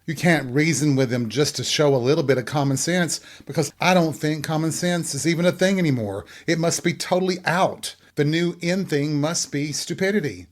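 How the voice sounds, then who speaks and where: A man's voice: on the high side, normal speed, few pauses. A man hosting his own show, ranting crudely and sarcastically. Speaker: podcast host. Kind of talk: profane comedic rant.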